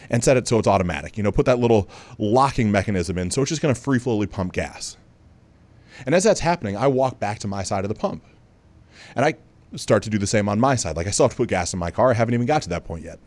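A man hosting a podcast, telling a personal story in a relaxed, conversational way with many asides and restarts. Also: on the low side, fast, no room sound. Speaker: podcast host. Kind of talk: storytelling monologue.

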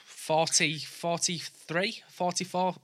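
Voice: medium pitch, flat delivery, slow, fairly bright tone, dry recording, studio quality. A podcast host with a Northern English accent chatting casually, eager and often stumbling over restarts. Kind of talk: casual interview chat.

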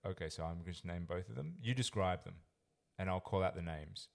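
A man's voice: deep voice, a little fast, vocal fry. A man co-hosting a podcast in casual, wry and joking chat, swearing now and then. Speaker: podcast co-host.

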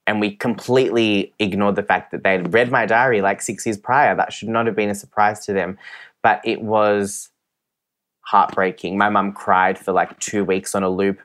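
A man's voice: fairly low pitch, fairly bright tone. A young man, a podcast guest, candidly telling a personal story and acting out the voices of others. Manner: open and emotional, acts out quoted voices.

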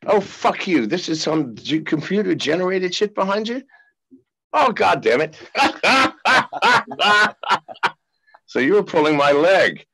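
A man's voice: high-pitched, big pitch swings, takes it slowly, vocal fry, pushed and bright, husky. A man talking as a podcast guest over a video call, profane and rambling. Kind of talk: casual interview.

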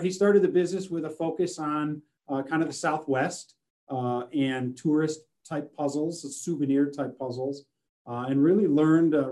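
A man's voice: medium pitch, warm tone. A man speaking as a sales manager and guest in a casual interview from his office, friendly and full of fillers. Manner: friendly, filler-heavy with many uh's.

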